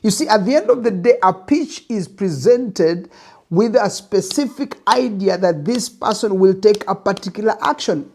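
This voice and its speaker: Guy giving a pitch talk, kinda gravelly, tells a bible story all emphatic and lively. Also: normal speed. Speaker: business speaker. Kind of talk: motivational talk.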